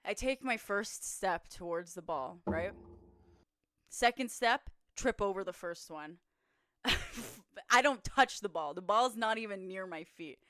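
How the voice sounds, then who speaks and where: A woman co-hosting a podcast, telling an embarrassing story in a lively, profane way with lots of "like" fillers. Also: mid-range voice, slow, no room sound, clean studio sound. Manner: animated, profane, full of "like" fillers. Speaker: podcast co-host. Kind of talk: casual storytelling chat. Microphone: streaming setup.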